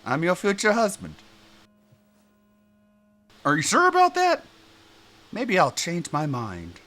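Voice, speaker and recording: A man doing a stilted impression of a brooding, heartbroken movie character with strange, halting phrasing. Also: sits high, exaggerated voice. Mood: defensive. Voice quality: odd, broken phrasing and stilted delivery. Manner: swings between melodramatic pleading and flat reassurance.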